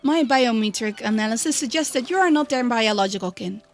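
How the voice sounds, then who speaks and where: A woman voicing a calm, cold female android who speaks in a clipped, clinical and suspicious way, reading the lines of a game. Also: fairly high pitch, fairly quick, faint music behind. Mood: guarded.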